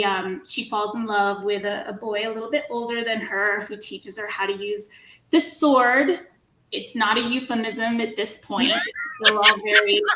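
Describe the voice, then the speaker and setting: A woman's voice: on the high side, sharp tone. Giggly woman author in an echoey room. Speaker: guest author. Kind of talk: casual interview chat.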